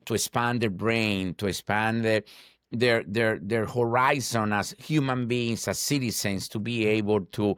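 A man's voice: lowish voice, fairly even intonation, measured pace, a bit bright, clear, resonant tone, dry recording, clean studio sound. A man from Venezuela with a Venezuelan Spanish accent, a native Spanish speaker who learned English as an adult, talking earnestly as an interview guest and often searching for words. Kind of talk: casual interview chat.

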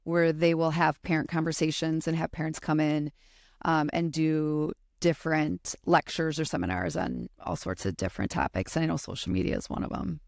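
Talking through an informal interview, this woman, who works with school students, comes across as earnest and reflective while leaning on frequent fillers. She has a low, gravelly voice at a normal pace, captured in a clean studio with no room sound.

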